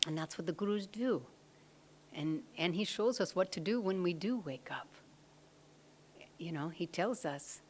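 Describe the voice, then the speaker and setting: Soft-spoken, low-voiced woman giving a devotional talk. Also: a little hiss or hum. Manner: soft, slow, often half-whispered. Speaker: satsang speaker.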